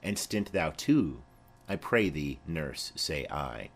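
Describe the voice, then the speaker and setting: A man's voice: extremely low pitch, sing-song, takes it slowly, slightly rough, voice pushed down, full character voice. A man reading the part of a reserved young noblewoman giving polite, brief replies. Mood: dutiful.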